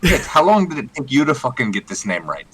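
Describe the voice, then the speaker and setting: A man's voice: mid-range voice, big pitch swings, fast talker, noisy background. A man with a Texan accent playing a tabletop game, boisterous and swearing constantly. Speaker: player.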